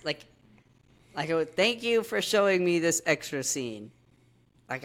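A man's voice: medium pitch, fairly bright tone. A man co-hosting a podcast, talking in a laid-back, slangy way and laughing easily. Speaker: podcast co-host. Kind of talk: casual chat.

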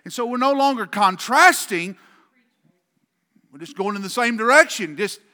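Pastor guy preaching hard, high sharp voice, big reverby church sound. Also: lively intonation, moderate pace. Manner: emphatic, repetitive preaching cadence. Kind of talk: sermon.

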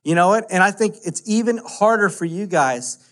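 A man, preaching a casual, animated story-driven sermon full of "like" fillers. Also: high-pitched, normal speed. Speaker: pastor.

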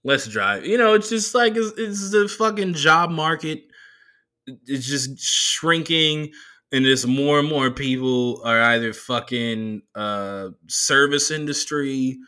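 Male comedian host, mid pitch, bright and punchy, casual storyteller. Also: takes it slowly, clear, resonant tone. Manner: profane, rambling, animated. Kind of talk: casual solo podcast storytelling.

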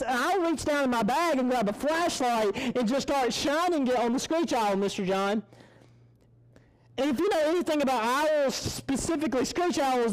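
A young man with a strikingly high voice tells a rambling, animated story to an audience. He interrupts himself often, restarts his sentences and corrects his own words as he talks. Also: rough recording. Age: young adult. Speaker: college student speaker. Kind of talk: casual storytelling talk.

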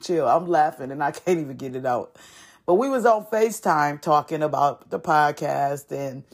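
Low-voiced woman chatting with amusement. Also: darkish tone. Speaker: podcast host. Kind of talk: casual podcast narration.

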